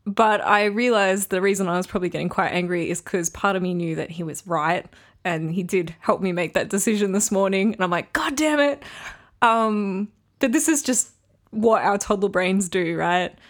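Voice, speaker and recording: A woman's voice: on the low side, steady tone, moderate pace. Candid woman hosting a relationship podcast. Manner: candid, reflective, frequent ums. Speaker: podcast host. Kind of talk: casual solo podcast talk.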